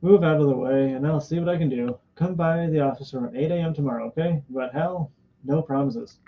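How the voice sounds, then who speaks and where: A man voicing a brisk woman executive who brushes people off, from a comic book reading. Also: fairly high pitch, a little hiss or hum, natural voice. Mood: curt. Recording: dull lo-fi stream audio.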